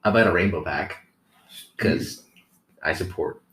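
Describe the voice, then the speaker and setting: A man co-hosting a casual couch podcast, relaxed with dry, sarcastic humor. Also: deep voice, unhurried, poor audio. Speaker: podcast co-host. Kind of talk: casual chat. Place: living room couch.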